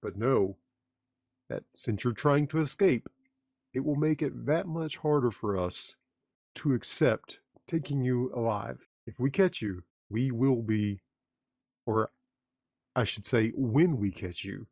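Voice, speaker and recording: A man's voice: mid-range voice, slow pace, gravelly, darkish tone, no room sound, clean studio sound. A man voicing a cold male bounty hunter broadcasting a formal, menacing warning over the comms.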